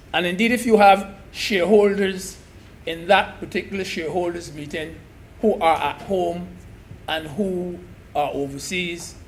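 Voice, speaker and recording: A man giving an emphatic speech in a senate debate, repeating key phrases and addressing the chair as sir. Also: sits high.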